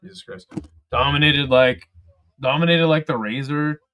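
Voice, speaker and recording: A man hosting a live fight commentary stream from home, excitable and profane, laughing often. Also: fairly high pitch, moderate pace, no room sound, studio quality. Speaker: host.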